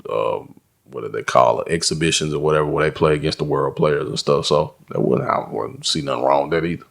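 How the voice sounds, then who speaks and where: A man's voice: quick pace, creaky. A man co-hosting a casual sports podcast, easygoing and drawling. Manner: easygoing, drawling, given to sudden high-pitched laughing bits. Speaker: podcast co-host.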